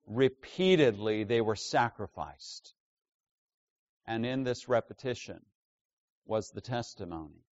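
A man preaching a Bible sermon, stressing key words loudly and dropping to quiet asides. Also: a little slow, no echo, muffled recording. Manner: emphatic teaching, swinging between loud stresses and low asides. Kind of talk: expository sermon.

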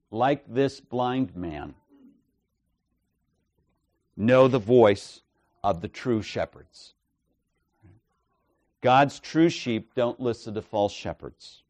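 A man preaching an expository sermon with measured, emphatic delivery, often checking in with "right?" and "okay?". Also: medium pitch, darkish tone, dry recording.

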